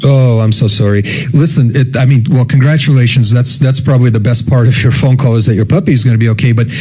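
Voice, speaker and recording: Male call-in radio host, mid-pitched, interrupts to get at the point. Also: quick pace, a little mellow, breathy edge, poor audio. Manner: probing, interrupts to pin down facts. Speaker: radio consumer-advocate host.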